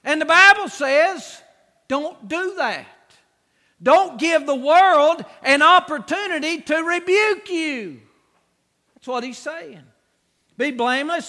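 High-voiced preacher in a ringing hall. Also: male voice. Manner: emphatic, repetitive exhortations, rising to shouts. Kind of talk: sermon.

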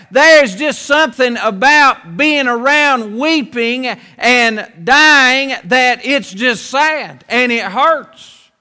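A man preaching a sermon in an earnest way, repeating key phrases with slow, weighty pauses. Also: very high voice, pushed and bright, big-room sound.

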